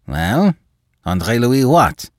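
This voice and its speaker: A man's voice: medium pitch, sing-song, slow pace, no room sound, clean studio sound, pitched above the performer's own voice. A man voicing an abrupt, impatient male fencing master who questions sharply. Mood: brusque.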